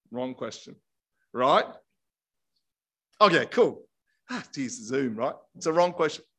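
A middle-aged man preaching a sermon in a lively, chatty way, drawing his congregation in. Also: high voice. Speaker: pastor.

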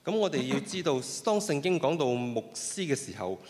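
A man interpreting a sermon phrase by phrase, often pausing with fillers and restarting his sentences. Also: mid-range voice, sing-song, a little mellow. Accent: Cantonese. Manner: hesitant, with frequent fillers and restarts. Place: church hall. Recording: long reverb of a hall.

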